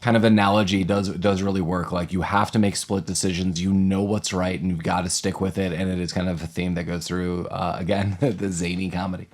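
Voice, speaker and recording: Lowish man chatting over a film, laughing. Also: flat delivery, brisk, hardly any pauses. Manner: chatty and analytical, laughs often while talking. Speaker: podcast co-host. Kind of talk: casual chat about a film.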